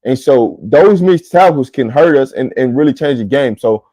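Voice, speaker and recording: A man's voice: mid-range voice, expressive, moderate pace, dark tone, no room sound, poor audio. A man co-hosting casual sports talk, emphatic and coaching in tone.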